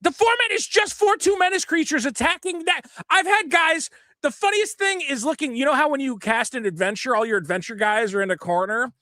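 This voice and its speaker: A man co-hosting a podcast, ranting with animated, profane energy and quoting other players in put-on voices. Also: very high voice, brisk, no room sound, clean studio sound. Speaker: podcast co-host. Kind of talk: casual podcast chat.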